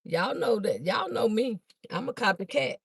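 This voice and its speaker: A woman chatting fast on a phone livestream to her viewers, a bit out of breath as she walks from a car through a garage into a house. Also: on the high side, big pitch swings, gravelly, breathy edge, no room sound. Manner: chatty, talks fast to viewers, calls them "y'all". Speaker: livestream host and vendor. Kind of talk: casual livestream chat to viewers. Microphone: phone held by hand.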